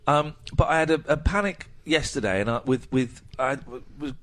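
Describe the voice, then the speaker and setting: A man hosting a radio show, chatting in a lively, self-mocking way into a close headset mic. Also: medium pitch, normal speed. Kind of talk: casual radio chat.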